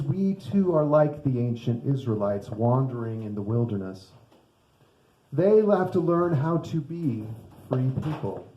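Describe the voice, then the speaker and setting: Male pastor, fairly high yet mellow voice, relaxed chatty sermon, echoey church. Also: lo-fi sound, a little hiss or hum. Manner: conversational, asks the congregation rhetorical questions. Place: church sanctuary.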